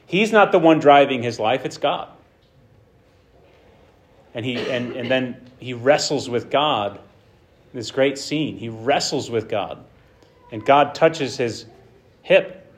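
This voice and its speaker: A man preaching a sermon with passion, swinging between loud bursts and hushed lines and acting out the quotes he tells. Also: mid-range voice.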